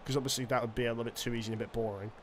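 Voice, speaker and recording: Excitable male gamer narrating his football match over faint background noise. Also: mid-range voice, racing. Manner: excitable, chatty, self-correcting. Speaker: gaming commentator. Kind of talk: casual game commentary.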